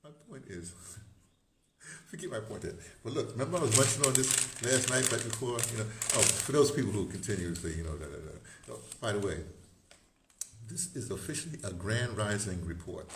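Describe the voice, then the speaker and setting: A man's voice: fairly low pitch, lively intonation, moderate pace. A man rambles to camera and chuckles at his own jokes as he goes. His voice swoops up and down with a lot of life in it. The room gives him a noticeable echo, with a faint hiss underneath. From United States. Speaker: vlogger. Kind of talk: casual monologue to camera. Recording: roomy echo with faint noise.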